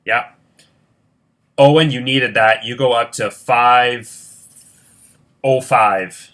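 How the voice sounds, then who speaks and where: A man's voice: mid-range voice, fairly even intonation, slow pace, a bit bright. A man hosting a board game competition, counting squares aloud and checking his sums in casual play-by-play. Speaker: host running a Monopoly-style competition.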